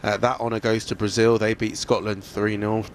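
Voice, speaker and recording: A man with a lowish voice gives a conversational sports report for radio, lively and quick to reach for fillers. A faint low rumble sits under his voice. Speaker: sports presenter.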